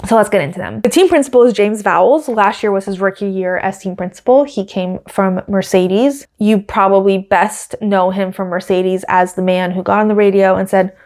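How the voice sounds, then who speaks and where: A woman's voice: mid-range voice, moderate pace, hardly any pauses, darkish tone. A young woman hosting a podcast, talking in a casual, gushing and opinionated way with lots of fillers. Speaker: podcast host. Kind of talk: casual chatty commentary.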